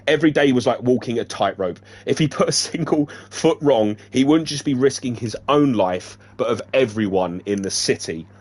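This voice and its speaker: A man's voice: medium pitch, expressive, normal speed, hardly any pauses, a little mellow. A man reading a novel aloud in a casual way, breaking off now and then to joke and laugh. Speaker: reader of a novelization. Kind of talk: casual read-aloud narration.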